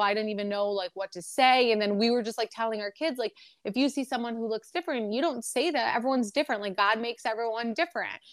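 Young woman podcast host, rambly and emotional, kinda high voice, dry close mic. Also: dry recording. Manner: rambling, emotional, many fillers. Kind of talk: casual chat, personal story.

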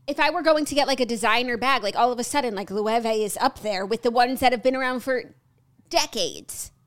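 A young woman co-hosts a podcast in a relaxed, casual manner, dropping wry asides. Her voice sits fairly high. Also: fairly quick. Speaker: podcast co-host. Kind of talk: casual gossip chat.

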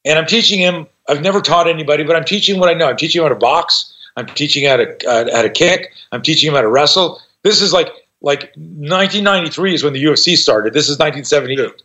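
A middle-aged man on a podcast tells a story in a casual, profane way, acting out the other voices. His voice sits fairly high for a man. The recording is slightly dull and lo-fi. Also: fast, few pauses. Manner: profane, animated, acts out quoted voices. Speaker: podcast guest.

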